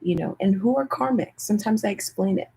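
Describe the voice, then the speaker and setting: A young woman tarot reader chatting casually with viewers in a hushed, half-whispered voice, often calling out to them directly. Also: medium pitch, a little fast, gravelly, breathy edge, low-quality recording. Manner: chatty, keeps addressing viewers as "you guys". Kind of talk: casual livestream tarot chat.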